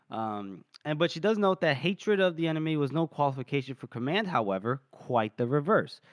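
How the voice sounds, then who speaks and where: A chatty man co-hosting a book podcast, retelling scenes in a fairly high voice. His talk is loose and casual. The sound is dry and close. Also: lively intonation, normal speed, no room sound. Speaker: podcast co-host.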